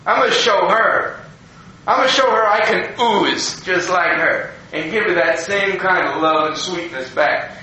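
Older pastor telling a story in an echoey room. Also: male voice, high voice, a little slow. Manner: folksy, animated storyteller, acting out quoted people. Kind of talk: personal story told to an audience. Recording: very echoey room, faint ambience.

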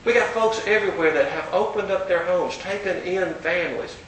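A man's voice: a little fast, fairly bright tone. A man preaching a storytelling sermon, folksy and earnest. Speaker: pastor. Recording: very echoey hall, distant mic, faint rumble.

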